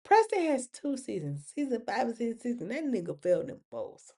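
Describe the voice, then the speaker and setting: A woman's voice: a little high, a little fast, slightly rough. A woman, hosting a casual TV recap talk and acting out characters' lines. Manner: animated, acts out characters' lines. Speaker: podcast host.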